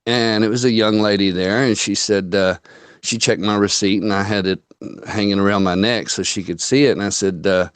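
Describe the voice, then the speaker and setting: A man's voice: lowish voice, normal speed, clean tone, dry recording. A man hosting a casual online chat, telling folksy stories and acting out what people said. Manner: folksy storyteller, quotes people in dialogue.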